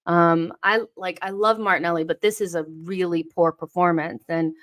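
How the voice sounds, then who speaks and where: A young woman hosting a live football watchalong, reacting to the match, swearing and shouting at the players. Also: fairly low pitch, a little slow.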